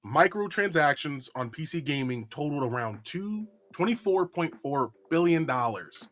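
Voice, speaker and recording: A man co-hosting a gaming podcast in casual chat, excitable, jumping in with facts and lots of fillers. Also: on the high side, moderate pace. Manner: excitable, interrupts with trivia, many fillers. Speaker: podcast co-host.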